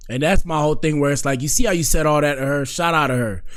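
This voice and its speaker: A man's voice: a little high, fast talker, fairly bright tone, smooth. A man hosting a casual reaction stream, rambling and slangy, repeating himself as he jokes and comments. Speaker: streamer host.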